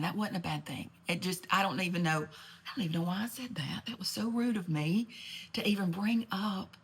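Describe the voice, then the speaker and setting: A woman tells a comic, gossipy story in a husky voice with plenty of fry. She rambles and throws in asides with genteel sass. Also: fairly low pitch, bright, forceful tone. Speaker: comedic storyteller. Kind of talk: comedic monologue in character.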